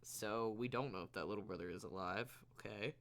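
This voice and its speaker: A man streaming a video game, chatting casually, joking and reading dialogue aloud with loud reactions. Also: on the low side, fairly quick, vocal fry, slight background noise. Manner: chatty, jokey, reacts with outbursts.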